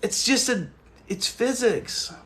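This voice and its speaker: A man's voice: very high-pitched, lively intonation, slow pace, a bit bright. A man hosting a casual livestream, chatting loosely with viewers and joking as he rambles through stories. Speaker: livestream host.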